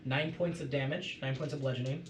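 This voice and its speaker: A man as game master, calmly calling out attack rolls and damage numbers and describing the blows. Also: medium pitch, a little fast, slight background noise. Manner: methodical, calls out dice rolls and damage numbers. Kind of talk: running a tabletop game. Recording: roomy, distant mic with music behind. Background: music.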